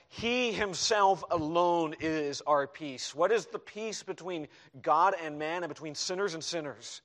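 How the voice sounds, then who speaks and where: A man delivering a sermon in a church, pressing his points with emphasis and swinging between loud declarations and softer, quieter asides. His voice sits a little higher than most men's. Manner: emphatic preaching with sudden soft asides. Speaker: pastor. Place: church hall.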